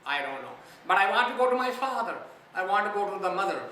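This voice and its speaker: A man's voice: high-pitched, big pitch swings, quick pace, sharp tone, full character voice. A man voicing a lost small boy who keeps pleading to be taken to his parents. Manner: pleading, repeating himself. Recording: echoey hall, distant mic.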